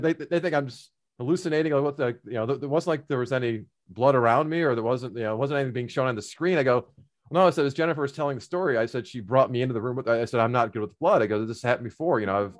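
A middle-aged man with a mid-range voice tells a long personal story in a casual way. He rambles, using many fillers and restarting often.

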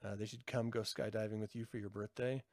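A man's voice: quick pace, no room sound, clean studio sound. A middle-aged man rambling and joking in casual chat with his live viewers, laughing often. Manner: animated, jumps in pitch. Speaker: livestream host.

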